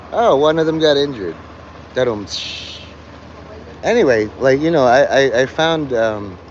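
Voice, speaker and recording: A man's voice: medium pitch, dull audio, slight background noise. Rambling, jokey man on a rainy street. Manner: rambling, jokey, acts out quick voices, laughs often. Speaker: livestreamer. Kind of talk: rambling livestream chat. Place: outdoors on a rainy city street.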